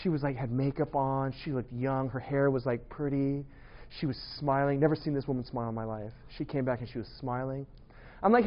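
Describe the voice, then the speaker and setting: A man preaching a humorous sermon, telling lively stories with playful asides and bursts of laughter. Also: a little high, fairly quick, dull audio.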